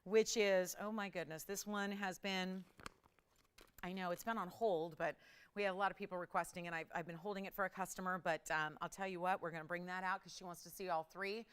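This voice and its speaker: A woman hosting a live TV jewelry shopping show. She gives an upbeat, chatty sales pitch and keeps it moving. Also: steady tone, a little fast, clear, resonant tone. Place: TV studio.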